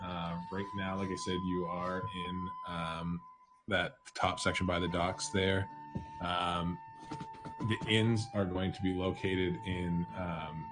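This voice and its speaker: Low-voiced guy running a tabletop game, lots of ums, music in the background. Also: flat delivery. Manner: halting, many ums and restarts. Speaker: dungeon master.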